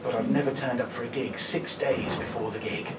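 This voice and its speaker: A man's voice: medium pitch, a little fast. A man doing a chatty stand-up set, tagging his lines with 'right?'. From Brighton, England. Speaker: stand-up comedian. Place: comedy venue. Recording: echoey live venue, distant mic, audience noise.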